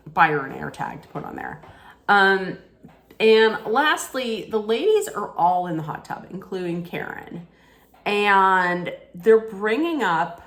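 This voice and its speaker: A woman's voice: on the low side, fairly bright tone. A woman hosting her own reality TV recap, ranting casually in a blunt, heated way straight to her viewers.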